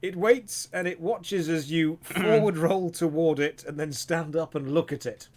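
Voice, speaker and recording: A man narrating a tabletop game as dungeon master, in a measured storytelling manner. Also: fairly high pitch, fairly even intonation, darkish tone.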